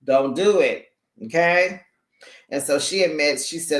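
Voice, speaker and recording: A reality show recap host in casual chat, sassy and animated, who laughs often and calls listeners honey and baby. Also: medium pitch, unhurried, pauses often, reverberant.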